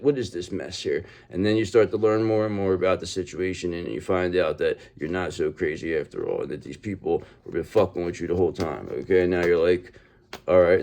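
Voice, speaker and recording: A man giving a casual, animated tarot reading, bluntly swearing and checking in with "okay?" after nearly every sentence. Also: on the low side. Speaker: tarot reader.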